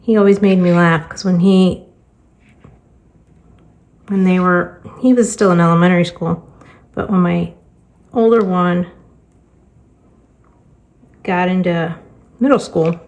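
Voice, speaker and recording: A woman's voice: fairly low pitch, fairly even intonation, slow pace, long pauses, a little mellow. Middle-aged woman with dry sarcastic humor. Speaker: crafting vlogger and teacher. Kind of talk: casual storytelling chat while crafting.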